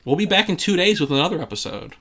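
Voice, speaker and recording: A man's voice: on the high side, big pitch swings, fast, fairly bright tone. A man co-hosting a casual review show, rambling and restarting his sentences, laughing often. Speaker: podcast co-host.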